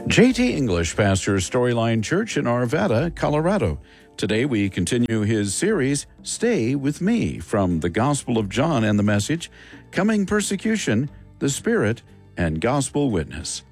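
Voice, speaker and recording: A male announcer reading a scripted introduction of the speaker in a measured way. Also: mid-range voice, very animated, gravelly, darkish tone, slightly rough. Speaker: radio announcer. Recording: faint music underneath.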